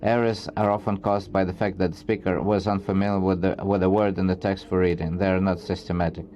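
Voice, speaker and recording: A man giving an academic research presentation, reading from slides in a halting way with frequent restarts. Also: low voice, flat delivery, mellow, a little hiss or hum.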